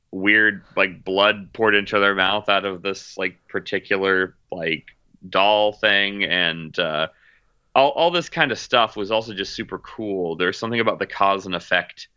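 A man's voice: sits low, sharp tone, smooth, no room sound, muffled recording. A man chatting casually about movies, rambling with lots of fillers and restarts. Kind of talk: casual chat.

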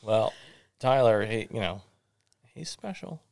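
A man hosting a casual chat, telling a long family story in a rambling, animated way with many fillers. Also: fairly low pitch, a little slow, gravelly, dry recording. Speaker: podcast host.

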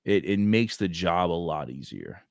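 A young man from Brooklyn hosting a casual podcast chat, slangy and animated, saying "bro" all the time. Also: sits low, normal speed, creaky, no room sound, studio quality. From Brooklyn, New York. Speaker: podcast host, recruiter.

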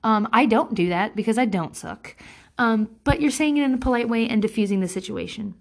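A woman in her thirties vents in a casual, unscripted monologue, cursing freely and shifting from heated bursts to low, muttered asides. She talks in a natural mid-range voice with lively swings in pitch. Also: fairly quick, gravelly. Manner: blunt and profane, with sarcastic impressions of others; animated, swinging between loud outbursts and low mutters. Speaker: vlogger giving advice.

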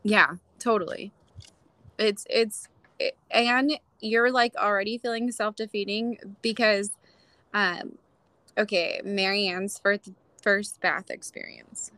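A woman's voice: medium pitch, steady tone, slow pace, sharp tone, no room sound. A young woman, a mother, talking candidly as a podcast guest, often laughing and acting out quoted lines. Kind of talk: casual interview chat.

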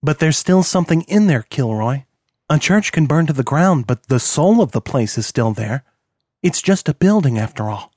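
A gentle, patient priest, as a man voices him in a soft, consoling, encouraging way. The read sounds dry and close to the mic. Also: fairly high pitch, animated, normal speed, no room sound.

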